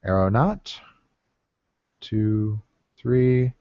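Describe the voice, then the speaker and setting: A man talking through his card picks at an unhurried pace, musing aloud and counting cards under his breath. His voice sits mid-range, recorded close on a dry, dull lo-fi mic. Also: fairly low pitch, animated, dark tone, no room sound. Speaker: gameplay commentator. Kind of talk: casual deck-building commentary.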